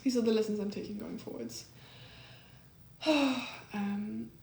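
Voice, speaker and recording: A young woman talking casually and earnestly about a breakup, full of likes and ums, reflective and soft. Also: mid-range voice, little pitch movement, brisk, vocal fry, reverberant, slight background noise. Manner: soft, earnest, heavy use of like and um. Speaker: host giving breakup advice.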